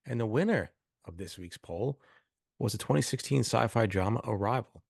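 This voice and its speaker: A man's voice: lowish voice, lively intonation, moderate pace, vocal fry, a little mellow, breathy edge, no echo, clean studio sound. A man hosting a casual movie podcast, joking around as he reads the intro credits. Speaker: podcast host.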